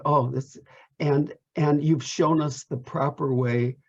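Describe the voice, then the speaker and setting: A male host wraps up an online talk, rambling and joking as he stumbles over repeated words. His voice is husky, mellow and even, heard through dull lo-fi audio. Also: a little high, takes it slowly. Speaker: host of a lecture program. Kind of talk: closing remarks at an online talk. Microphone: video call. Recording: dull, lo-fi video call audio.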